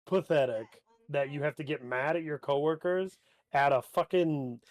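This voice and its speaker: A man's voice: a little high, moderate pace. A man co-hosting a podcast in casual chat, giving short agreements and blunt, swearing remarks. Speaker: podcast co-host.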